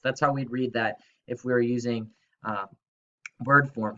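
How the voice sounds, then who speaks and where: Man, teacher, recorded lesson, slow deliberate pace, bright tense tone, encouraging prompts, slightly muffled audio. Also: mid-range voice, steady tone. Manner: upbeat, coaxing, prompts students to repeat aloud. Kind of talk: recorded math lesson for students.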